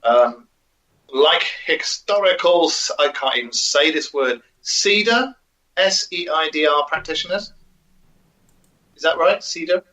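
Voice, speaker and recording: A man's voice: a little high, slow, sharp tone. A man co-hosting a casual podcast, reading out notes with many ums and joking asides. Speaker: co-host. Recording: muffled lo-fi audio.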